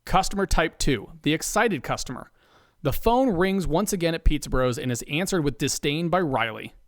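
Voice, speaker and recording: Male narrator, mid pitch, animated, deadpan comic timing. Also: normal speed, no room sound, clean studio sound. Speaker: podcast narrator. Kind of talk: scripted comedic narration.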